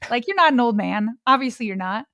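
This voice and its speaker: A woman in her forties co-hosts a casual podcast chat. Her voice is fairly high, smooth and clear, and she talks in an encouraging way with a lot of fillers. The sound is dry and close to the mic. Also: animated, fairly quick, pushed and bright, no echo. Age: 40s. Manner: encouraging, chatty, filler-heavy. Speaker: podcast co-host.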